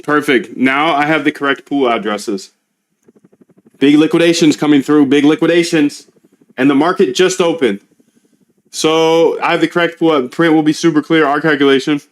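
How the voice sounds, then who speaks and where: A man's voice: a little high, normal speed. A man casually talking through live coding, chatty and slangy, coaching his coding assistant as he goes. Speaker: trading bot developer and streamer.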